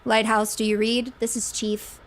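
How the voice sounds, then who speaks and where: A woman's voice: on the high side, flat delivery, normal speed, natural voice. A woman voicing a brusque middle-aged male harbor chief who talks bluntly and pries. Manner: blunt, prying, bossy.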